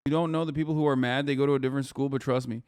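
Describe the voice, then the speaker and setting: A man in his thirties giving casual live-stream commentary, blunt, mocking and profane, talking fast in bursts. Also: mid-range voice, fairly even intonation, darkish tone, smooth, dry recording, studio quality. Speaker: political streamer.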